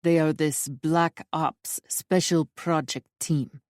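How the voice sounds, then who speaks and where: A woman reading an audiobook, voicing a grim, protective man who speaks low and steady. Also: takes it slowly, dry recording, studio quality.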